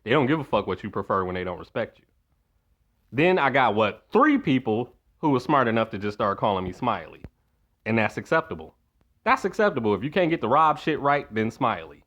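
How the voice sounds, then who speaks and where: A man's voice: mid-range voice, very animated, a little fast, a bit bright, dull audio. A man telling a long story to his stream chat in a blunt, profane rant, acting out the voices of the people he quotes.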